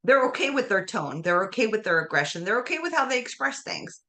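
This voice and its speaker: Bright, animated woman giving emphatic advice. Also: medium pitch, fast talker. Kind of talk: podcast conversation.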